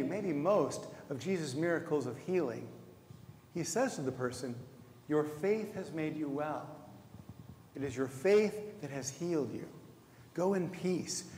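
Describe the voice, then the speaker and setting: Deacon's sermon: slightly high male voice, measured and reflective, long church reverb. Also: a little mellow, a little hiss or hum. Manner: measured, reflective preaching with slow emphatic pauses. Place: church sanctuary. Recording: echoey church hall, faint ambience.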